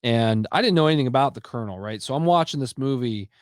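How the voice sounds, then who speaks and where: A man's voice: mid-range voice, animated, fast, dry recording. Chatty male podcast host, dry sound. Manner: chatty, loose, repeats words. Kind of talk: casual chat.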